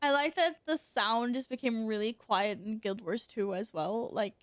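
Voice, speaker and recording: Giggling often and exclaiming as she addresses her chat, a woman keeps up casual conversation while streaming a game. She has a high-leaning, fairly bright voice at normal speed, with no room sound.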